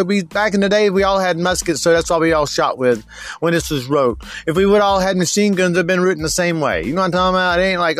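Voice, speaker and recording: A man's voice: fairly high pitch, a bit bright. A middle-aged American man hosting a show, talking in a rambling, slangy monologue full of asides. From United States. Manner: rambling, slangy, keeps saying bro. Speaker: show host. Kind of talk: casual monologue.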